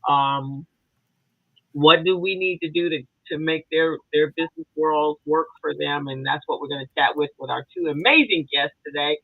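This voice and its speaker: A woman's voice: sits low, moderate pace, no room sound. A woman co-hosting a casual podcast chat, rambling and chatty, with many fillers and restarts. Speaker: co-host. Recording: tinny phone-like dry sound.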